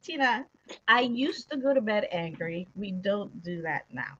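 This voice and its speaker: A woman guest in casual chat who laughs often and explains ideas in quick lists. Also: medium pitch, lively intonation, a bit bright. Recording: dull lo-fi sound.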